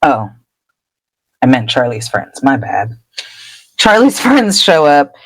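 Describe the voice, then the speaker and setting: Animated woman recapping a chapter. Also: a bass voice, slow pace, no room sound, poor audio. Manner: animated, laughing storyteller. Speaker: podcast host. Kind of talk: casual chapter recap with acted voices.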